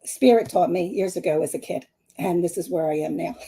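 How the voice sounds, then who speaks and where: A middle-aged woman with a Philadelphia-area accent hosts a live stream as a psychic medium, chatting animatedly with viewers and laughing often. Her fairly low voice runs a little fast, and there's a slight hiss or hum.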